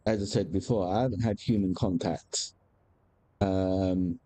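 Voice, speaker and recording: A man's voice: low-pitched, fairly even intonation, measured pace, warm tone, a little hiss or hum. A man, chatting candidly as a game streamer, rambling with frequent restarts and casual swearing. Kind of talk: casual chat while gaming.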